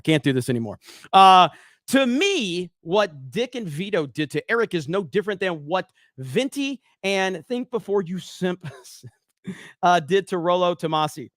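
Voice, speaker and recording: A man's voice: sits high, fairly bright tone, no echo, clean studio sound. Profane Southern man hosting a livestream. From Alabama. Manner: profane, rambling, self-mocking. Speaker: livestream host. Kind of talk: casual livestream chat, reading super chats.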